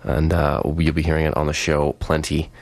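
Stuffy nasal guy djing, super low monotone voice, kinda halting and laid-back, dry sound. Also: vocal fry, no room sound. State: a bit sick, stuffy. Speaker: radio DJ. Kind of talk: casual radio DJ patter.

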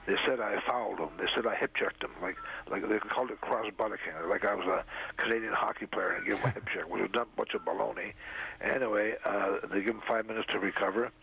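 An older man, a raspy-voiced interview guest, tells a long story in a halting way, full of "uh" fillers, on a dull lo-fi recording. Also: on the low side, fairly even intonation. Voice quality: gravelly, raspy. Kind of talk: rambling storytelling. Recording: dull lo-fi radio sound.

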